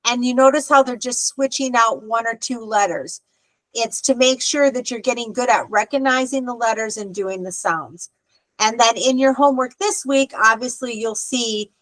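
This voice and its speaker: Female teacher on a video call, fairly high voice, patient and explanatory, dry close recording. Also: a bit bright, no echo, poor audio. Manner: patient, explanatory, with frequent "okay" check-ins. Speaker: Hebrew teacher. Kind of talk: online adult class instruction.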